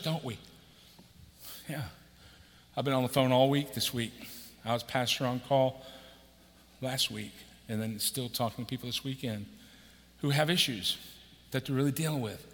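In a church auditorium thick with long hall reverb, an executive pastor in his sixties gives a conversational sermon. His mid-range voice has a fairly bright tone, and he raises it to act out quotes.

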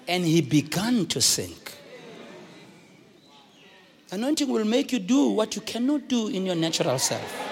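Shouting South African bishop preaching in a hall. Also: male voice, high voice, unhurried, vocal fry, pauses often. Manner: animated, often shouting, acts out voices. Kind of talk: sermon. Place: large church hall. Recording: live church recording with long reverb.

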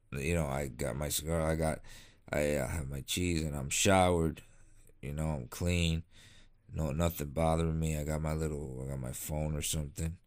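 A man talking about his cigar ritual in a relaxed, rambling chat, full of restarts and fillers, tired and yawning late at night. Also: rumbling low. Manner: rambling, many restarts and fillers, laid-back. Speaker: cigar vlogger. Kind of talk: casual rambling monologue.

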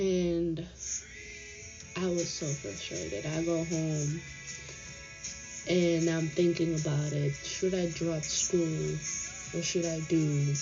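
A woman's voice: on the low side, mellow. A young woman candidly retelling a hard stretch of her life in a frank, slangy way, English not being her first language. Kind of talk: personal storytelling. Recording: dull lo-fi audio with faint music.

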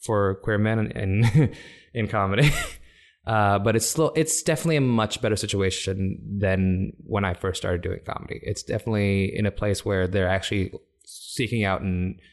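Male guest, comedian from Africa, low voice, lively and quick to laugh. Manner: animated, laughs often, many restarts. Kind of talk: casual conversation.

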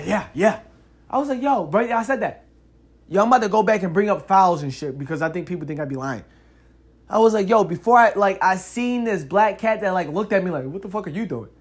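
A man hosting a casual solo podcast, telling stories in an animated, slangy way, cursing freely and filling his talk with "yo" and "like". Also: sits high. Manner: animated, slangy storytelling with frequent "yo" and "like"; curses freely. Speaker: podcast host.

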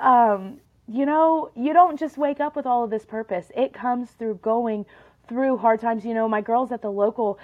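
A woman's voice: fairly high pitch, lo-fi sound. A young woman hosting a faith podcast, talking earnestly and emotionally with many fillers, her nose a little stuffed up. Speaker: podcast host. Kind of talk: casual faith podcast monologue.

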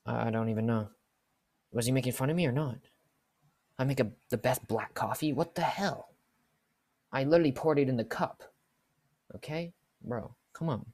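A young man who works in fast food, telling an exasperated, slangy story in a casual vlog. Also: medium pitch, a little mellow.

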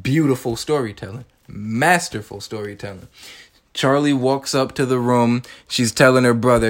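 Animated young man recapping a film. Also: medium pitch, normal speed. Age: 20s. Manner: animated, swearing, joking asides. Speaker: film reviewer. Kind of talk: casual movie recap monologue.

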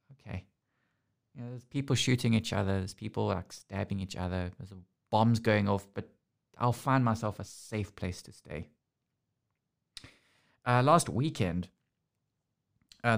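Gravelly, sarcastic male podcast host. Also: fairly low pitch. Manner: sarcastic ranting with frequent restarts. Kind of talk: casual podcast chat.

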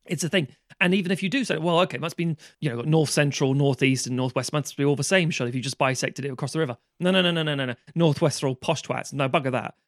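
A man's voice: a little high, racing, hardly any pauses, dry recording. Sweary man ranting, dry sound. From London, England. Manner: ranting and sweary, acting out quoted people. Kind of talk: casual chat.

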